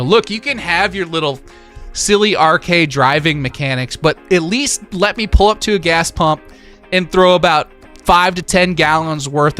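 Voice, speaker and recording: A man hosting a casual livestream, reading chat and reacting in an animated, hype-driven way with lots of filler words. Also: a little high. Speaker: livestream host.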